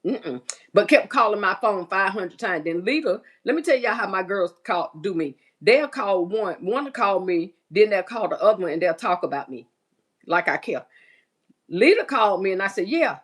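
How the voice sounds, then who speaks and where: A woman's voice: medium pitch, lively intonation, normal speed, breathy edge. A middle-aged woman hosting a casual livestream, reading out viewer comments and chatting as she cleans and builds baskets. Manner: chatty, reads viewer comments aloud, folksy Southern US speech. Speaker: livestream host.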